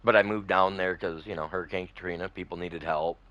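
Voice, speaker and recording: A man's voice: deep voice, fairly even intonation, brisk, fairly bright tone, no echo, highs cut off. A man chats away while streaming a farming game. He rambles loosely from one story to the next. His talk is full of folksy slang and friendly asides to his viewers. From northern Michigan, USA. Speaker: gaming streamer. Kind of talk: casual chat while gaming.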